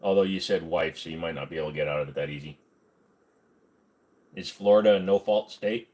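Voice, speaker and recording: A man's voice: deep voice, brisk, a little mellow. A man hosting a casual livestream from home, reading viewer comments in a crude, joking, laid-back way. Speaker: livestream host. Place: at home, on bed rest.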